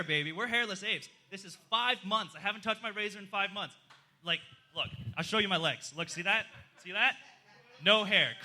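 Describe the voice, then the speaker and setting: A man's voice: sits high, sharp tone. A man doing live stand-up comedy in a club, chatty and self-deprecating as he riffs with the crowd. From outside the US.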